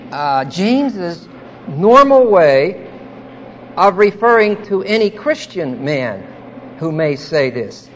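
A man's voice: high-pitched, slight background noise. A man teaching a Bible passage verse by verse, explaining it patiently, checking in with his listeners and stressing key words emphatically.

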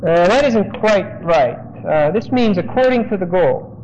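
High-voiced man teaching from Scripture. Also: lively intonation, measured pace, darkish tone, slight background noise. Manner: explanatory, dictates phrases for notes. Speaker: preacher. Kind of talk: expository Bible teaching. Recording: dull lo-fi sermon recording.

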